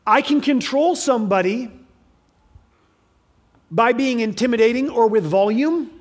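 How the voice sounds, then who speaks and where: A man's voice: very high voice, a little slow. A man preaching a sermon, with emphatic swings in volume and frequent restarts. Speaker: pastor.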